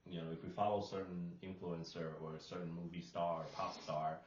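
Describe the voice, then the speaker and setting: A man with a fairly low voice co-hosts a casual discussion. He is animated, laughs often, and his English is slightly nonstandard. The audio is echoey and somewhat muffled. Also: fairly quick. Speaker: English teacher and podcast co-host.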